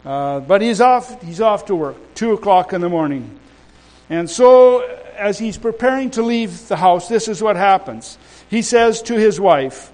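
A man preaching a sermon in a folksy, rambling way, breaking off and restarting, then building to loud, emphatic declarations. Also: sits high, expressive, a little slow, rough recording. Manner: folksy asides and humor.

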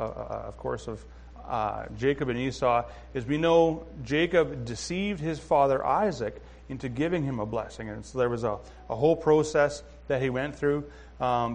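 A man giving an informal sermon, talking conversationally with fillers and restarts and often checking in with listeners. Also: medium pitch. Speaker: preacher.

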